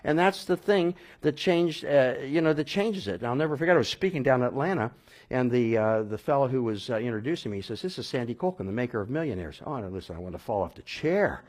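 A middle-aged man telling a personal story in a casual, rambling way, full of fillers and restarts, rising to loud excited bursts and dropping to quiet low stretches. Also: fast. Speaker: guest telling his testimony.

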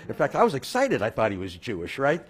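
A man telling his personal conversion story, halting with fillers and restarts, then growing animated and laughing at the funny parts. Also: medium pitch, breathy edge. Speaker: speaker sharing a personal conversion testimony.

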